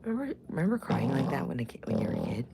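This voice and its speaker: A woman's voice: rumbling low, very animated, racing, gravelly, very noisy. A woman in her forties chatting casually and profanely to camera as a vlogger, full of jokey asides. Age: 40s.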